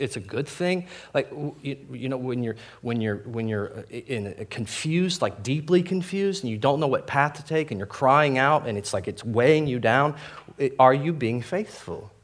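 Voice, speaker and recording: A man's voice: mid-range voice, normal speed. A young man preaching a sermon as pastor, candid and self-deprecating, talking casually with many fillers and restarts. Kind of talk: conversational sermon.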